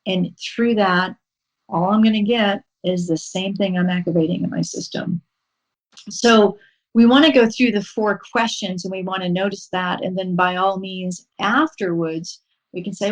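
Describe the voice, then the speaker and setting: A woman guest on a podcast interview, calmly and patiently explaining a mindfulness practice step by step, pausing now and then with an um. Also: mid-range voice, rough recording. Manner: calm, instructive, unhurried with frequent um pauses. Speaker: podcast guest, horse-assisted wellness coach.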